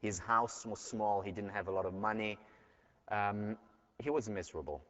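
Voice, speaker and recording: Low-voiced man lecturing in a hall. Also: moderate pace, fairly bright tone. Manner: earnest, storytelling. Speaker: university lecturer. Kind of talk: university lecture. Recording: dull lecture hall recording.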